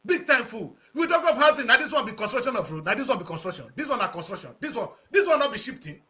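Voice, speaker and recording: A Nigerian man speaks in a very high voice that swoops up and down as he holds forth on a breakfast talk show. He sounds passionate and preachy, mixing Pidgin into his English. His tone is bright and forceful. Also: big pitch swings, fast. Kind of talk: impassioned talk-show commentary.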